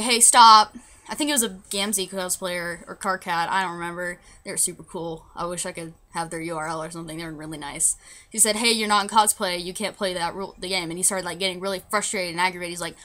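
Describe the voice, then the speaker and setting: A young woman vlogs at home into her camera, telling a long story in a loose, rambling way. Her voice is bright and forward, at an ordinary middle pitch. She keeps stopping to restart sentences and fills the gaps with "like". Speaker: vlogger. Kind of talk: casual storytelling vlog.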